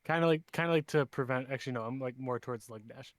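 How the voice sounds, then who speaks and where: A man playing a tabletop game, talking casually and haltingly, often repeating his words. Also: medium pitch, dry recording. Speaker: player.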